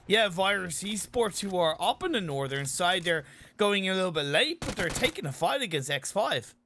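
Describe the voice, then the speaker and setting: A man's voice: sits high, big pitch swings, moderate pace, background noise. A man from Ireland with an Irish accent, commentating live on a mobile game tournament and teasing his co-caster in banter. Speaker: esports caster.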